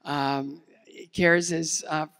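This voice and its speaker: A man's voice: a little high, steady tone, drawn-out words, a bit bright, clean tone. A man in his fifties from the United States giving a motivational keynote talk, casual and self-deprecating, with many fillers and restarts. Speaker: keynote speaker. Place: large event hall. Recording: long hall reverb.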